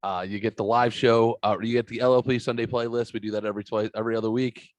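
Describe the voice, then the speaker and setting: Podcast host guy, lowish voice, swears a lot, rambles and mocks himself, dry mic. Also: flat delivery, fast, no room sound. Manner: profane, self-mocking, rambling storyteller. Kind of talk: casual podcast banter.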